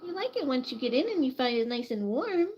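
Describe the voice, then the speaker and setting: A woman chatting casually on a live stream, full of fillers, cooing softly to her hen while she tends it. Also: high voice, sing-song, fairly quick, dull audio, slight background noise. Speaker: streamer caring for her animals.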